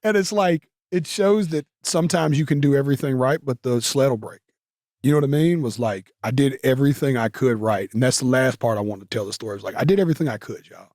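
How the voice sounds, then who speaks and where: A man's voice: medium pitch, fast talker, darkish tone, no echo, studio quality. A man, telling stories casually as an interview guest, with lots of fillers. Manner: drawling Southern talk with many fillers.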